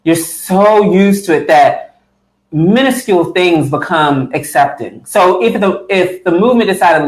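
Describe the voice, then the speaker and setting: High-voiced man telling an emphatic story. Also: measured pace, reverberant, low-quality recording. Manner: emphatic, conversational, full of "you know" fillers; animated storyteller, voices his own past thoughts. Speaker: guest speaker for a political party. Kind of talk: impassioned personal testimony in a webinar. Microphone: computer mic on a video call.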